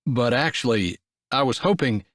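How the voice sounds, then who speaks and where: A man's voice: medium pitch, animated, normal speed, dry recording, clean studio sound, close to an everyday voice. A man playing a shy, awkward young cowboy.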